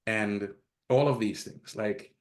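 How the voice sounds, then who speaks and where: Taking his time, a man with a lowish voice tells personal stories as a guest on a podcast. The interview is casual, and he's candid, laughs at what he's recounting, and acts out the quotes.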